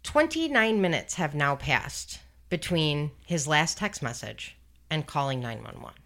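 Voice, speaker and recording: Animated, bright-voiced woman host. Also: deep voice, unhurried. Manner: animated and blunt, swears freely. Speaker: podcast host. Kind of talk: casual true-crime podcast chat.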